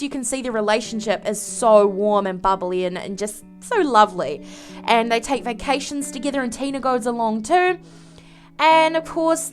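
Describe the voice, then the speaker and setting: A woman narrating a life-sim game story with animated, dramatic flair. Her voice is fairly high. Soft guitar music plays faintly in the background. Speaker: game video creator. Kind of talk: story narration over gameplay.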